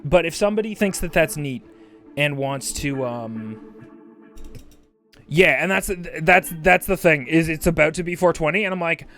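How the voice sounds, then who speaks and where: A male streamer chatting casually on a livestream while high, rambling and swearing casually as he reads chat aloud. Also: normal speed, fairly bright tone, faint music behind.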